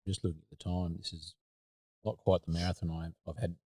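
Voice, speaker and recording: An Australian man hosting a casual interview, asking questions in a halting, hesitant way as he searches for words. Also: sits low, level tone, a little mellow, dry recording, studio quality. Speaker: podcast host.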